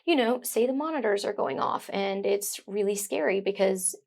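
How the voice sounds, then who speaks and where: A woman's voice: mid-range voice, normal speed, creaky, a little mellow. A young mother as a guest in an interview, speaking in a heartfelt, effusive way. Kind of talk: conversational interview.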